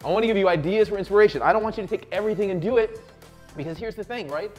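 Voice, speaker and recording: A man hosting his own show, giving a loud, hyped motivational business talk full of swearing and constant "right?" and "okay?" checks. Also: high voice, rapid-fire, lo-fi sound, faint music behind. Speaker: show host.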